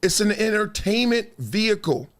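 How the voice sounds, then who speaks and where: A man's voice: high voice, sing-song, moderate pace. A man hosting a sports talk show, chatting playfully and laughing as he tells a story. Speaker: host. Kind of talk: casual commentary, then sung rap verse. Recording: loud hip hop beat behind.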